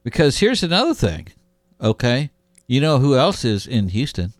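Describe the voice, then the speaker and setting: A man's voice: mid-range voice, sing-song, normal speed, no echo, clean studio sound. A man co-hosting a podcast in casual chat, rambling and acting out quotes in put-on voices. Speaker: podcast co-host.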